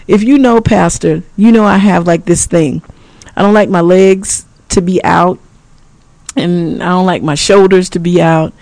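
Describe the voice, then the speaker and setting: A woman in her fifties, a pastor and preschool teacher, telling a story in an animated, chatty way, often repeating herself and laughing. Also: mid-range voice, no room sound. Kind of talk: casual storytelling to camera.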